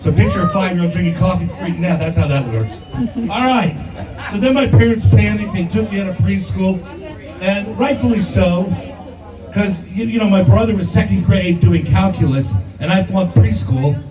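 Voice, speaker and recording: A man's voice: high voice, lively intonation, moderate pace, echoey room, distant mic, over music, crowd noise, rough recording. A man in his fifties doing a brash, profane, self-mocking stand-up comedy set in a comedy club. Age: 50s.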